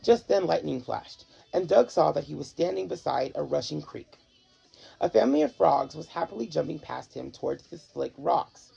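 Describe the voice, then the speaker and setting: Gravelly, husky storybook reader. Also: medium pitch, moderate pace. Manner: expressive, animated narration. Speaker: host reading storybooks. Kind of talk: storybook read-aloud. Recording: dull lo-fi with faint music.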